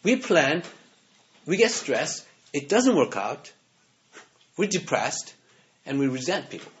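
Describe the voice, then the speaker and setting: A male pastor delivering a relaxed, conversational sermon, often tagging his points with a questioning "right?". His voice sits a bit high for a man. The recording is dull and lo-fi. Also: slow, a little hiss or hum. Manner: conversational, keeps asking "right?". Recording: dull lo-fi sound.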